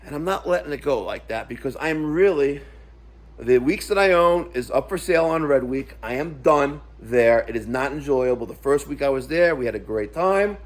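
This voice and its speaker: A middle-aged man with a medium-pitched voice, talking at a normal speed, rants to camera as a vlogger. He retells a story to his viewers in an animated way, indignant and full of profanity.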